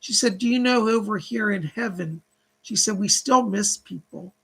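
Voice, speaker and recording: A man's voice: high voice, normal speed, vocal fry, a bit bright, breathy edge. A man hosting a live psychic reading stream, reading viewer donations and relaying spirit messages in long chains of "she said". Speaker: psychic medium host.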